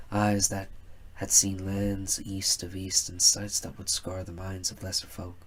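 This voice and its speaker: A man narrating a first-person story in a measured, reflective way. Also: sits low, breathy edge.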